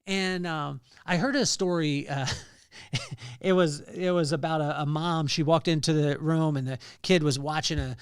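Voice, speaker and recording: Dry, close-mic'd man with a higher voice. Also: fairly even intonation, a little slow, clean tone, no room sound. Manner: conversational, storytelling with frequent fillers and restarts. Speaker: podcast host. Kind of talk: devotional talk on scripture.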